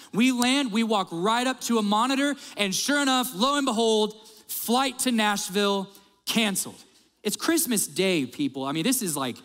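High-voiced man preaching in a hall. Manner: animated, conversational, addresses the congregation directly. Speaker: pastor. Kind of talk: storytelling sermon. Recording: reverberant hall sound.

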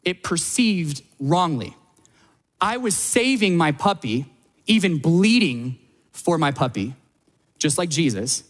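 A man's voice: fairly high pitch, sing-song, slow. A man preaching a sermon as a pastor, telling stories in a conversational way that swells into dramatic, emphatic passages. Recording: long reverb of a large hall.

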